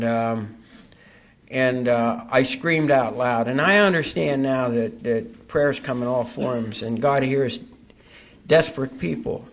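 An older man with a gravelly, creaky voice tells his recovery story to a meeting. He speaks at a middle pitch, haltingly, with many fillers and a dry, self-mocking humor. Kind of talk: personal recovery testimony.

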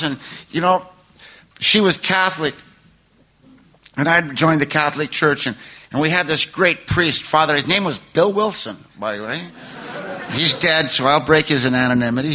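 A man's voice: mid-range voice, sharp tone. Older man telling a raw recovery story. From California. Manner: emotional, rambling storytelling with laughs. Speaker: speaker sharing his recovery story. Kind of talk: recovery meeting talk.

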